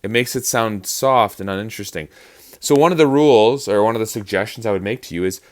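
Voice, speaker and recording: A man's voice: on the low side, fast talker. A man teaching actors about verse rhythm in a lecture, explaining patiently and counting out beats to show stress. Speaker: acting teacher.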